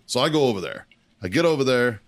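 A man's voice: mid-range voice, expressive, fast, dry recording. A man hosting a podcast, telling a story in casual, profane chat and acting out the exchanges he quotes. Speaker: podcast host.

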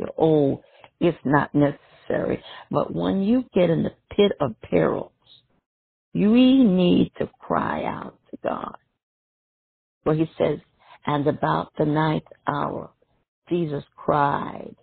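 Woman preacher, unhurried and husky, dry tinny phone-line sound. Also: no room sound. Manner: slow, emphatic preaching with sudden high rises. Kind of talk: sermon.

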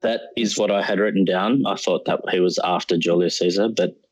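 A man's voice: sits low, fairly even intonation, fairly quick, no room sound, rough recording. A man playing along on a trivia podcast, doubting himself and making self-deprecating jokes. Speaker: trivia contestant. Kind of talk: casual chat on a trivia podcast.

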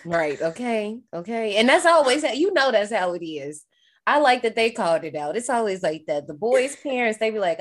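Animated, laughing woman podcast host. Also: a little high, moderate pace. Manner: animated, laughs often, gets emotional and dramatic. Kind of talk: casual movie-review chat.

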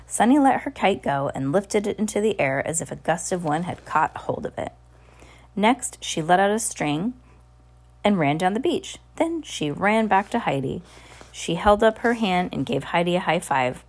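A woman reading a children's chapter book aloud with expressive, animated storytelling. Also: lowish voice, normal speed. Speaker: storybook reader.

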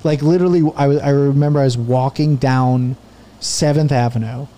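A man's voice: medium pitch, fairly even intonation, moderate pace, warm tone. A man in his thirties, a podcast guest, telling a rambling, profane story in casual chat.

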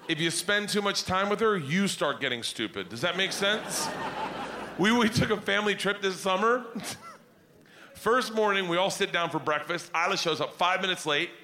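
A man in his forties tells rowdy family stories on stage, swearing freely and swinging his voice wildly from low mutters to sudden loud bursts. His pitch sits a little high for a man. A noisy ambient hum runs under the live recording. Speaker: stand-up comedian. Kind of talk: stand-up comedy storytelling.

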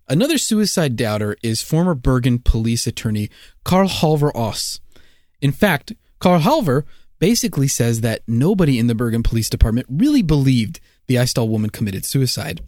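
A man's voice: mid-range voice, moderate pace, no echo. A man co-hosting a chatty podcast, his voice rising and falling a lot as he tells the story. He slips jokes in between facts, and the recording is close and dry. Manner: jokey, lively storytelling. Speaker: podcast co-host. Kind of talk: casual joking podcast chat.

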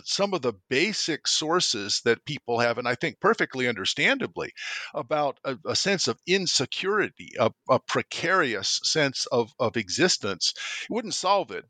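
An older man with a bright, forceful voice makes his case in a relaxed interview, thoughtful and emphatic, often repeating a word as he starts a sentence. The sound is dry and close, with no room around him. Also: mid-range voice, dry recording. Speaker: author and professor, interview guest. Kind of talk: conversational interview.

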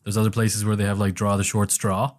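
A man's voice: on the low side, little pitch movement, brisk. A man with an Irish accent co-hosting a podcast, chatting casually, laughing often and swearing in banter. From Ireland. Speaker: podcast co-host.

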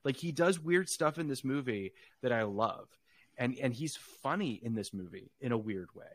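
A man talking casually as a podcast guest, rambling and opinionated, dropping swear words as he goes. His voice sits at a middle pitch. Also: lively intonation, normal speed, a bit bright. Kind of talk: casual film chat.

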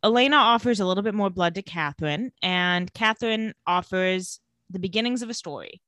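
A woman co-hosting a casual podcast, recapping an episode and acting out the characters' lines with animated storytelling. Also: medium pitch, fairly quick, dry recording, studio quality. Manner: animated storytelling, acts out quotes. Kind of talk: casual chat.

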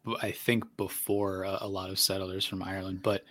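A man's voice: sits low, level tone, a little fast, a bit bright, no echo. A man in a casual podcast chat, thoughtfully explaining with many fillers.

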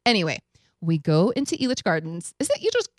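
Eine Frau, Moderatorin einer Radiosendung, die locker und lebhaft eine persönliche Geschichte erzählt und Zitate mit Lachen nachspielt. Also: female voice, lowish voice, quick pace, no room sound. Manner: animated, acts out quotes with laughs. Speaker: radio show host. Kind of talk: casual storytelling chat.

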